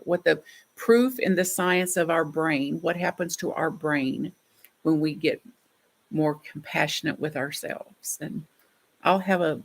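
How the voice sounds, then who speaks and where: A middle-aged woman preaches a gentle, reflective sermon. Her voice sits a little low and carries a gravelly rasp. She talks softly and laughs now and then. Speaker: minister.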